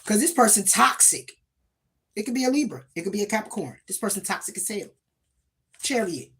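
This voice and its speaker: A woman's voice: mid-range voice, expressive, a little fast, fairly bright tone, husky. A woman giving a casual tarot reading, sassy and emphatic, often repeating her points. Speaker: tarot reader.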